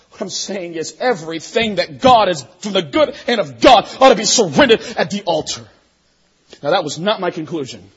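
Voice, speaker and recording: A man preaching a sermon with an emphatic delivery that swings between hushed and shouted. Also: a little high, breathy edge. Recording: dull lo-fi sermon recording.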